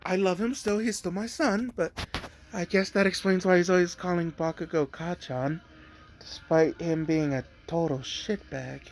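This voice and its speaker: A man voicing a gentle, fond middle-aged mother who speaks softly and dotingly. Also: sits high, fairly even intonation, normal speed.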